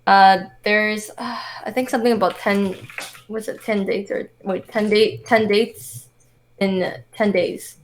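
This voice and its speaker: A woman's voice: mid-range voice, fairly even intonation, measured pace. A woman guesting on a streamer interview, giggly and chatty, filling her talk with "like". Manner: giggly, heavy use of "like". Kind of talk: casual interview chat.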